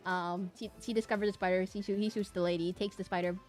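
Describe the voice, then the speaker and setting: A woman's voice: medium pitch, fairly even intonation, fast, a little mellow, soft background music. A woman streamer chatting casually with her live audience, rambling with lots of fillers and restarts.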